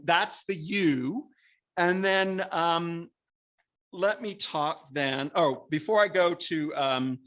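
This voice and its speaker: A man with a fairly high voice that carries gives a spiritual talk at a spiritual center. He speaks to the congregation in a conversational, earnest way. Now and then he breaks into lively acted-out asides. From American. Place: church hall.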